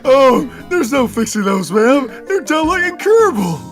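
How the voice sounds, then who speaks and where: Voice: sits high, very animated, moderate pace, music in the background. A player voicing an eager, blustering male police detective. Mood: blustery. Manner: loud, blustering.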